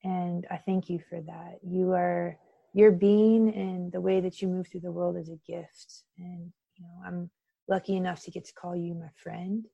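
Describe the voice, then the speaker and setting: Gentle, gravelly-voiced woman host. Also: fairly low pitch, level tone, no echo, muffled recording. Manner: gentle, halting, repeats words. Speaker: interview host.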